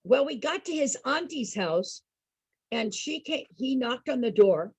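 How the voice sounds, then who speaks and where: Performing for program participants, a woman tells a personal story with real animation, her voice jumping up and down as she laughs and puts questions to her listeners. Her voice is slightly husky and fairly high, her pace measured. The recording sounds close and dry, with no room echo.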